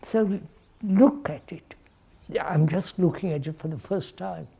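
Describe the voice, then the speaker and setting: A man with a high, gravelly voice, warm in tone with a breathy edge, speaks a little slowly. He gives a reflective public talk to an audience, posing questions, repeating phrases and often checking in with "right?"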